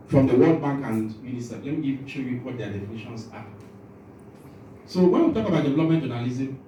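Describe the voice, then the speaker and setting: A man's voice: medium pitch, mellow. Guy teaching a workshop, a bit shaky and nervous, faint room hum behind. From Nigeria. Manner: asks the room questions, jokes, self-interrupting. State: nervous, voice shaking. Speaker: workshop trainer. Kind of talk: lecturing a training workshop. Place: large conference room. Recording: echoey room from far off.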